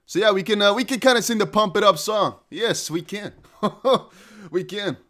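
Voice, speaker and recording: A man hosting a live crypto price stream, talking fast and excited with laughs and chanted hype lines. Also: high-pitched. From Netherlands. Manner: hyped, laughing, breaks into chanting.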